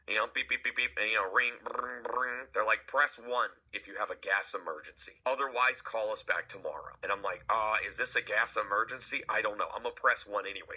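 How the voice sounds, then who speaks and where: Husky, bright-voiced man telling a story. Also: fairly low pitch, poor audio. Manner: chatty, lots of "right?" tags and restarts; acts out the other people in the story. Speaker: channel host. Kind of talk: casual storytelling to camera.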